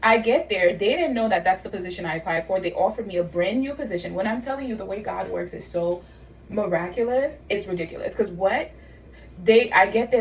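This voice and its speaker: A young woman telling her faith testimony in a casual vlog, animated and full of quoted voices. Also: mid-range voice, brisk, far from the mic, rough recording. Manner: animated storytelling, quoting God and others in lively voices. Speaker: vlogger sharing testimony.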